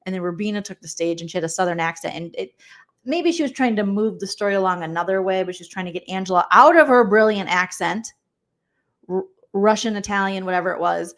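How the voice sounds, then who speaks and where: A woman's voice: mid-range voice, quick pace. Casual livestream host: chatty woman, rambling, acts out quotes.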